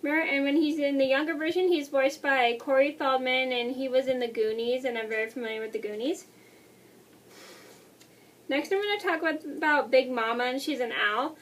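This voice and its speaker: A woman in her twenties chatting through a casual movie review, talking fast with restarts and apologies. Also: high voice, fairly bright tone, recorded from a distance. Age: 20s. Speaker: vlogger.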